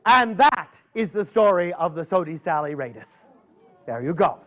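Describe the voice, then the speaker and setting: A man storyteller telling a folksy tale to a live audience, dramatic and drawing out his pauses. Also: high-pitched, very animated, fairly bright tone.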